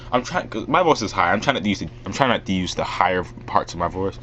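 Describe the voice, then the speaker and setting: A man's voice: low voice, expressive, fast, few pauses, highs cut off, noisy background. A man casually explaining how to do a voice impression in a rambling, filler-heavy vlog. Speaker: vlogger teaching a voice impression.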